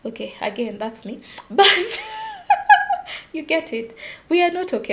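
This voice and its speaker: Young woman chatting on her podcast, high-pitched, laughs at herself a lot. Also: a little slow, pauses often. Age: young adult. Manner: animated and confiding, laughs at herself. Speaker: podcast host. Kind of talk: casual solo podcast talk.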